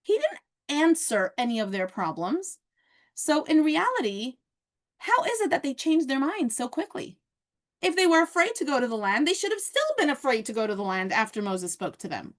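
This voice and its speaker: A woman giving a casual, animated Torah lesson, acting out the quotes in a conversational way. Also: sits high, moderate pace. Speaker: Torah teacher. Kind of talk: casual lecture.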